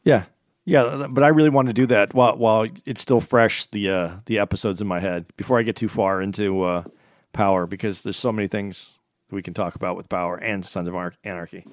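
A man co-hosting a podcast in relaxed casual chat, often trailing off with fillers. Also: on the low side, brisk, dry recording. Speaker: podcast co-host.

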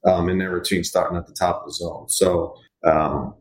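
A low-pitched middle-aged man, a hitting coach, talks at a moderate pace in a casual interview recorded in an echoey room. Relaxed and a bit rambling, he tells player stories and performs the quotes.

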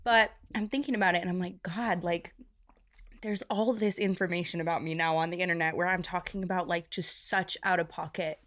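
A woman's voice: fairly low pitch, steady tone, a little fast, fairly bright tone. A young woman co-hosting a podcast in casual chat, rambling with many fillers and teasing. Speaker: podcast co-host.

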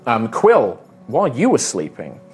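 A man narrating a tabletop game as game master, describing scenes slowly with hesitant fillers. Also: mid-range voice, huge pitch swings, a little mellow, faint music behind.

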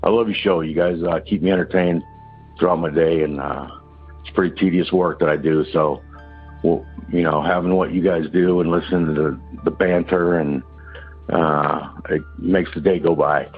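Deep husky man telling a rambling story. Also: fairly even intonation, narrow, tinny audio, soft background music. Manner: rambling, halting, many restarts and fillers. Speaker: caller telling a ghost story. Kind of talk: casual phone-in storytelling.

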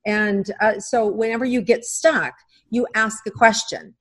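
A middle-aged woman, a psychic-medium guest on a podcast, speaking as a gentle coaching storyteller. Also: on the high side, unhurried, slightly rough. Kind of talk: podcast interview.

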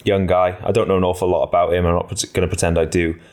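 A man's voice: low voice, fast. A man co-hosting a podcast, talking casually and loosely, with frequent ums and restarts as he breaks down a race. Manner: relaxed, rambling, many ums and restarts. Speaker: podcast co-host, cycling pundit.

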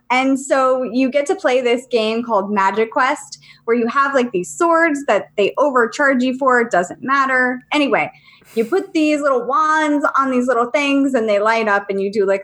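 A woman in her thirties co-hosting a casual chat show, her voice sitting a little high. She tells stories with energy, jumping into squeaky voices when she quotes people. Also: normal speed. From Virginia, US. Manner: animated storyteller who acts out quotes in high voices. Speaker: podcast co-host.

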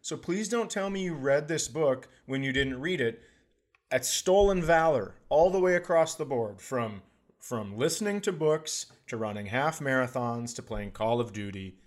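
A man's voice: mid-range voice, lively intonation, moderate pace. A man co-hosting a podcast in casual comedic chat, ranting with profane exaggeration. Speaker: podcast co-host.

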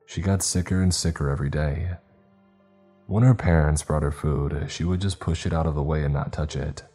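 A man narrating a story in a steady, measured reading. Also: very deep voice, husky. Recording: faint background music.

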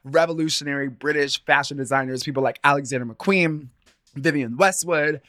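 A man's voice: on the high side, fairly quick, sharp tone, dry recording. A man co-hosting a fashion podcast in a casual, playful chat, laughing often as he talks. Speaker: podcast co-host.

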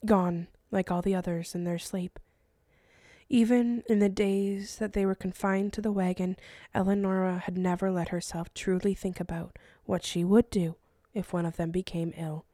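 Woman author narrating her audiobook, measured, dry close sound. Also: lowish voice, dry recording. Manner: steady, measured storytelling. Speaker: author and podcast host.

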